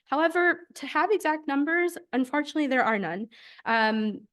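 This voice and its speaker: Young female graduate student, fairly high pitch, careful explanatory delivery for a research presentation. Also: expressive, a bit bright. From United States. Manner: explanatory, with frequent filler pauses.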